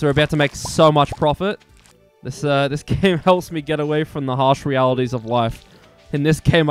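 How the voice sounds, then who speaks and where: A man in his twenties doing casual gameplay commentary, excitable, swearing and joking at his own expense. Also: on the high side, clear, resonant tone. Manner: excitable, swearing, self-mocking jokes. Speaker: gaming streamer.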